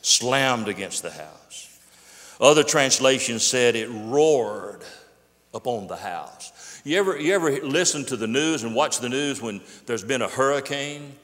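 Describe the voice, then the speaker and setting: A man preaching a sermon as pastor, slowing down and repeating key phrases for emphasis. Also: medium pitch, animated, a bit bright. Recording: long reverb of a hall.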